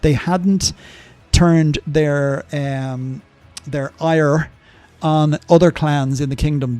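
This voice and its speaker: A man's voice: on the high side, mellow. An older man streaming a game live, chatting casually and rambling through viewer questions with lots of ums and asides.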